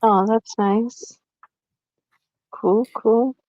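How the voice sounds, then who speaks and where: A woman of middle pitch who talks chattily and playfully, full of "like" fillers. Her voice sounds a little dull and muffled, with no room echo at all. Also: fairly even intonation, extremely slow, a little mellow. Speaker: podcast co-host. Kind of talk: casual live-stream chat.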